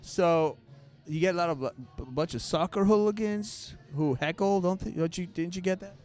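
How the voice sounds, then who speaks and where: A male co-host asking halting questions with many restarts, interviewing a guest. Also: high-pitched, darkish tone, faint music behind. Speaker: podcast co-host.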